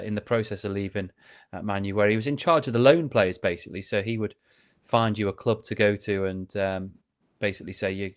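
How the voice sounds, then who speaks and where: A man with a fairly low voice hosts a podcast interview. He speaks in a relaxed, casual way and asks his guest simple follow-up questions. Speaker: podcast host.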